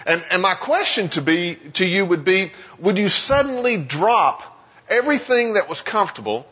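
A man delivers a sermon with an animated, swooping voice that turns his congregation's doubts into questions. His tone is somewhat breathy and husky. The recording is muffled and lo-fi, carrying the long echo of a large hall. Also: high-pitched, moderate pace. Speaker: pastor. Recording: dull sound with long hall reverb.

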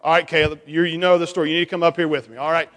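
A high-voiced man leads a children's sermon, coaxing and playful as he directs the kids. His voice rings with the long reverb of a church sanctuary. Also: level tone, rapid-fire, fairly bright tone.

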